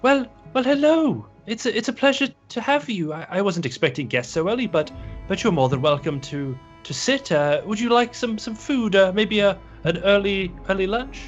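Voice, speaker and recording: A man's voice: sits high, animated, moderate pace, highs cut off, faint music behind, pitched above the performer's own voice. A man voicing a flustered, eager female tavern barkeeper who stammers politely. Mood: welcoming.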